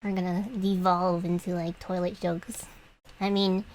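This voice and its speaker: A woman's voice: fairly low pitch, very animated, a little slow, low-quality recording. A young adult woman streamer chatting idly while she draws, giggling often and trailing off into fillers. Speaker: vtuber streamer. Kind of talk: rambling livestream chat while drawing.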